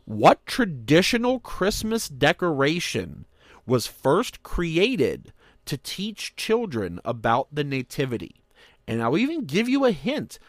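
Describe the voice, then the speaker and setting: A man co-hosting a podcast, quizzing his partner on holiday trivia in casual, teasing banter and slowing down to read each question aloud. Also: on the high side, huge pitch swings, no room sound, clean studio sound.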